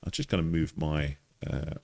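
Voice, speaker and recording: A man's voice: rumbling low, steady tone, normal speed, gravelly, a little mellow. A man hosting a casual game walkthrough, chatting wryly and thinking aloud. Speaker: gaming channel host.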